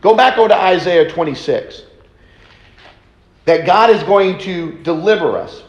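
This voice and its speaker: Slow-speaking high-voiced male preacher. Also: echoey room, highs cut off. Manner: slow, deliberate teaching with repeated phrases. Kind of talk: sermon. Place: church auditorium.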